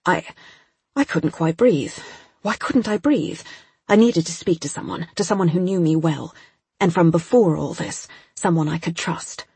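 A woman's voice: fairly low pitch, normal speed, dark tone, husky, no echo. A woman narrating a first-person audiobook in a tense, urgent manner.

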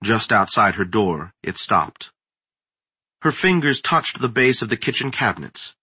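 Man, horror story narrator, bright husky voice, slow suspenseful reading, dry sound. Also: lowish voice, very animated, dry recording.

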